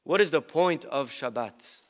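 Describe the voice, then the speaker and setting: A man's voice: on the high side, lively intonation, unhurried, noisy background. A male rabbi giving a humorous sermon with stories and rhetorical questions to his congregation. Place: synagogue event.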